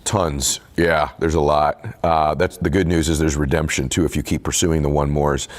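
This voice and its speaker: Being interviewed, a middle-aged podcast host and author with a very deep, low voice talks candidly about a personal story. His delivery is flat and at a normal speed, though earnest and confessional, leaning into the emotional moments.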